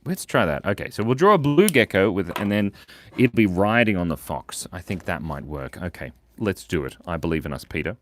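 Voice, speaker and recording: A man's voice: low-pitched, sing-song, fairly quick, no room sound. A young Australian man hosting a live drawing stream, chatting playfully and laughing as he reads out viewer comments.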